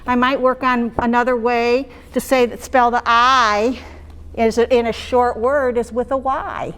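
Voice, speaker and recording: Her voice is on the high side, level, fairly bright, and a touch slow. As a teacher trainer, she conversationally explains to teachers how she'd mark phonics skills in a lesson, pausing to check in with them about this classroom practice.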